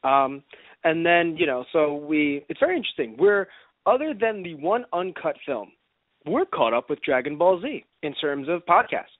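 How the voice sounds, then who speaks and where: A man's voice: on the high side, moderate pace, no room sound. A man co-hosting a live radio show, chatting casually and animatedly. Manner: animated, enthusiastic rambling. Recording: tinny phone-like sound, dry.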